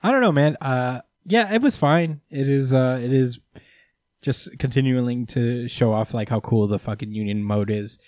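A man's voice: medium pitch, normal speed, darkish tone, no room sound. Laid-back man in a dry room. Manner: laid-back, loosely profane. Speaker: podcast co-host. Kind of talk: casual comic book discussion.

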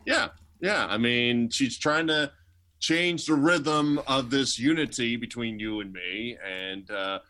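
A man's voice: medium pitch, takes it slowly, pushed and bright. A man co-hosting a podcast, chatting casually and riffing on silly made-up scenarios. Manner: joking, riffs on absurd scenarios. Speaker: podcast co-host. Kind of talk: casual chat.

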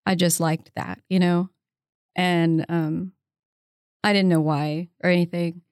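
A woman in her fifties, an interview guest telling her story in a casual, animated way, often slipping into the voices of the people she quotes. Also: lowish voice, takes it slowly, smooth, no room sound, clean studio sound. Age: 50s. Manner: chatty, with frequent "um" and "you know".

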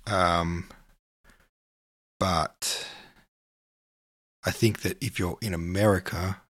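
A man's voice: deep voice, fairly even intonation, extremely slow, a bit bright, dry recording, studio quality. An Australian man with an Australian accent, a podcast host rambling casually and reading listener comments aloud. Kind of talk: casual chat.

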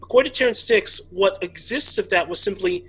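Bright high-voiced enthusiastic man. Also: husky, low-quality recording. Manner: enthusiastic, halting restarts. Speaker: fan audio drama producer. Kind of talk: casual interview chat.

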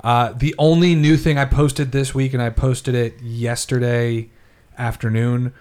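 A man hosting a casual podcast, talking in a relaxed, meandering way. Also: medium pitch, a little slow. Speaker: podcast host. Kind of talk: casual chat.

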